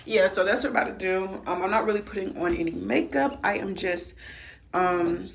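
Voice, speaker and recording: A chatty young woman with talks through her day in a loose, rambling vlog, full of fillers. Her voice sits mid-range, and wind and surf noise can be heard clearly behind her. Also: mid-range voice, normal speed, reverberant. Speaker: vlogger. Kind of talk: casual vlog chat. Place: at home, then outdoors at a windy beach.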